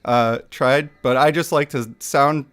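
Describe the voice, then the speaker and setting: A man's voice: mid-range voice, fairly even intonation, unhurried, a bit bright, clear, resonant tone. A man streaming live, reading a game story aloud in a playful, self-mocking way.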